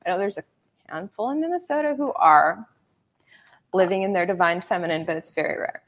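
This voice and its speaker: A woman's voice: lowish voice, lively intonation, brisk. A woman hosting a casual livestream chat, blunt and joking, often laughing as she talks. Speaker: host.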